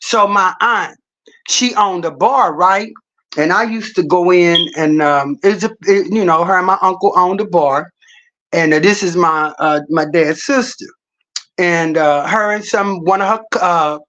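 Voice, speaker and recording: A woman's voice: lowish voice, unhurried, a bit bright, dull audio. A middle-aged woman livestreaming, telling stories in a blunt, profane, casual rant.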